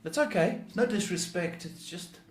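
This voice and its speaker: A man's voice: high voice, expressive, normal speed, slight background noise. A male psychic host answering viewers' questions on a live stream, chatty and reassuring, often saying "okay" and "folks". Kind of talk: live-stream advice chat. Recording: echoey room.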